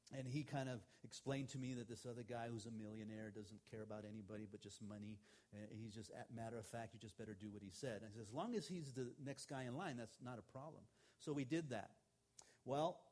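A middle-aged pastor preaching to his congregation in an easygoing, storytelling way. He retells past conversations and quotes the people in them. His voice sits at an everyday male pitch. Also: a little mellow. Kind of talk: sermon storytelling.

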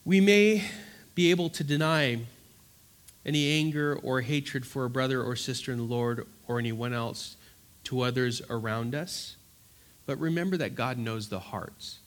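A man preaching an earnest Bible-teaching sermon, emphatic and repeating words for stress, then dropping to soft, pleading tones. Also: medium pitch, unhurried. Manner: swings from loud urgency to soft, quiet pleading.

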